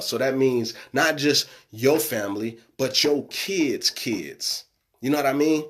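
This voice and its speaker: A man's voice: medium pitch, measured pace, fairly bright tone, breathy edge. A young man coaching viewers on a live stream, emphatic and repetitive, tagging his points with "right?" and "okay?". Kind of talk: casual live-stream pitch.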